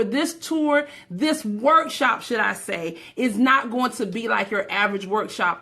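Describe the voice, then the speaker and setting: A woman hosts a live stream, calling out viewers by name with a lot of energy. Her voice sits high and sounds bright and forceful. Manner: energetic, greets viewers by name, hyping the crowd. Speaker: host of a live-streamed motivational show. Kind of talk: live-stream hype talk.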